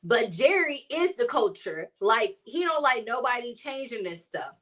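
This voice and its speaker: Bright-voiced woman in casual sports chat. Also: fairly high pitch, very animated, unhurried. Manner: rambling, laughs often, chatty. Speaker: sports talk show co-host.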